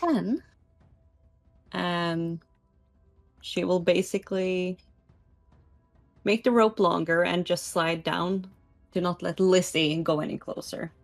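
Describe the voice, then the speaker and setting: A woman's voice: lowish voice, steady tone, slow, gravelly, pauses often, faint music behind. A woman player in a tabletop game, describing her moves casually.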